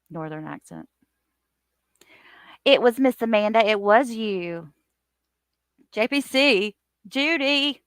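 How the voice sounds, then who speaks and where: A chatty woman hosts a casual live stream and greets each viewer by name. Her voice sits a little high, with a gravelly, creaky edge. The recording is close and dry. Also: dry recording. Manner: animated, lively swings in pitch and loudness.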